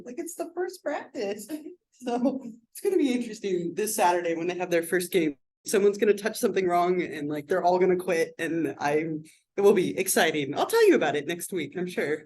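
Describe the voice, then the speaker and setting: A woman teaching a psychology class in a classroom, chatty and animated, her voice sore and strained. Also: medium pitch, poor audio. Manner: chatty, animated, peppers talk with "like" and "right?". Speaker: psychology instructor. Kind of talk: classroom lecture. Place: college classroom.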